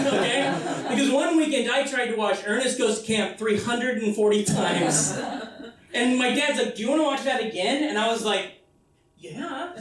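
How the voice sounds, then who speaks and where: High-voiced American man doing a stage show. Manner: loose, profane storytelling with sudden shouted bits. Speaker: comedian. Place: live theatre stage. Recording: echoey live room, mic far off.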